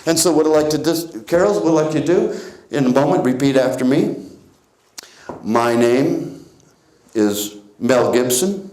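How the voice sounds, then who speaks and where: A man working as a stage hypnotist, guiding volunteers with slow suggestions and chuckling at their answers. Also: on the high side, warm tone, reverberant, rough recording. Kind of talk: comedy hypnosis stage patter. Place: theater stage before a live audience.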